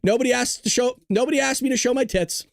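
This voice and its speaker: A man hosting a live stream, ranting loudly with heavy swearing and jokes while he reads the chat. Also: very high-pitched, quick pace, gravelly, no echo, studio quality. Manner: loud, ranting, profane, jokey. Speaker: livestream host.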